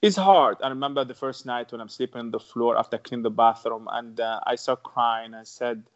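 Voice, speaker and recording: A man with an Arabic accent and broken English tells his own story as a podcast guest, his mid-range voice flat and fairly quick. He is earnest and repeats phrases for emphasis, and the lo-fi recording sounds dull.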